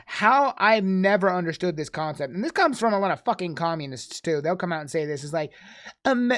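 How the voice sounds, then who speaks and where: An American streamer ranting angrily into a desk microphone while reacting to a video, cursing freely and swinging between loud outbursts and low mutters. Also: female voice, animated, brisk. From United States. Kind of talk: angry casual rant.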